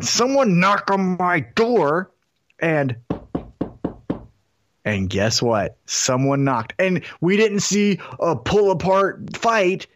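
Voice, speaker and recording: A man with a fairly high voice co-hosts a casual podcast chat. He talks excitedly, swears freely and acts out the scenes he imagines. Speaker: podcast co-host.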